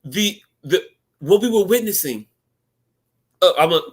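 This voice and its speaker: A man co-hosting a podcast, talking in animated, joking banter with drawn-out storytelling. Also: sits high. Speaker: podcast co-host.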